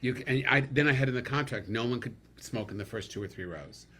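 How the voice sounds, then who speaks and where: A man's voice: mid-range voice, fast, slight background noise. A man who is a comedian, a guest on a podcast, chatting casually and jumping into comic impressions. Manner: lively, breaks into comic impressions.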